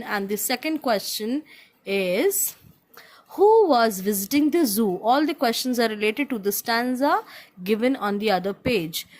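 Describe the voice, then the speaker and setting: A primary school teacher with an Indian accent and a slightly high voice instructs young children, patiently repeating directions, spelling words out, and switching between English and Hindi.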